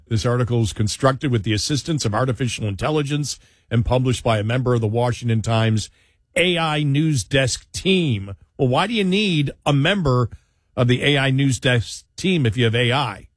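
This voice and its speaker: A man's voice: mid-range voice, lively intonation, fairly quick, no room sound, studio quality. A man hosting a talk radio show, chatting casually and rambling with frequent restarts and fillers.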